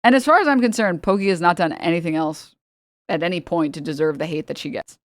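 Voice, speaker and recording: A woman's voice: fairly low pitch, fast talker, no room sound, studio quality. A young woman streaming, talking casually and rambling with exasperated, sarcastic asides to her chat.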